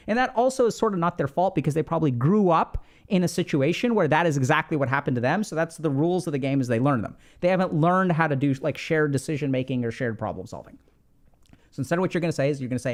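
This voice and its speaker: A man's voice: fairly high pitch, expressive, quick pace. A man giving casual relationship advice in a conversational way, with frequent fillers and tag questions. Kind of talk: casual explanatory talk.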